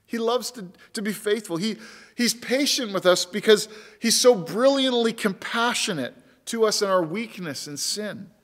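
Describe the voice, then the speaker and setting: A man's voice: high voice, expressive, normal speed, a bit bright, in a large hall. A man preaching a sermon as pastor, earnest and emphatic, repeating key words for weight. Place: church sanctuary.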